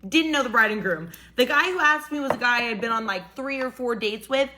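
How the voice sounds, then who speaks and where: A young woman chatting through a storytime while getting ready, animated and chatty with dramatic pauses. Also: fairly high pitch, slight background noise. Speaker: storytime creator. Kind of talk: casual storytime while doing makeup.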